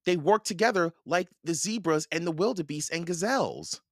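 A man's voice: on the high side, animated, normal speed, no room sound, clean studio sound, voice pushed up, natural voice. A man reading aloud and voicing a curious, careful young boy in a raised, eager voice.

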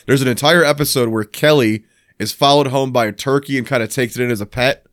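A man's voice: medium pitch, fast, no echo, studio quality. A man co-hosting a podcast in casual chat, swearing freely and retelling stories with acted-out voices. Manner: profane, animated storytelling with acted-out voices. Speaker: podcast co-host.

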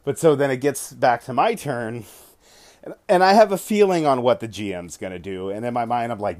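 This is casual storytelling from a podcast host recalling a tabletop game session. His mid-range voice is expressive, a little mellow, and fairly quick, and he swears often while revising his words mid-sentence.

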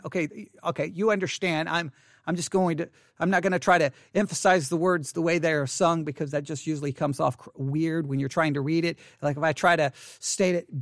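High-voiced man musing on lyrics, dry sound. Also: fairly quick, a bit bright, dry recording. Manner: hesitant, many restarts and fillers, reflective. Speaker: song commentator. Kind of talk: casual spoken lyric interpretation.

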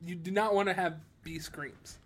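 A man's voice: sits high, steady tone, moderate pace. A man co-hosting a podcast, joking in casual chat and laughing often. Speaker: podcast co-host.

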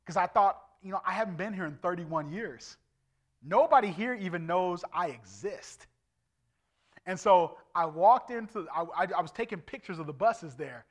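A man's voice: high voice, animated, normal speed. Earnest evangelist man telling his testimony. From Indiana, USA. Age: 40s. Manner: earnest storytelling, acts out dialogue. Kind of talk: preaching a personal testimony. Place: church service.

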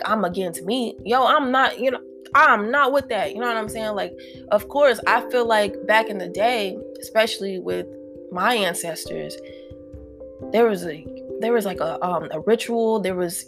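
A woman hosting her own podcast in a casual solo chat, slangy and animated, often acting out her own inner voice. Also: medium pitch. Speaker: podcast host.

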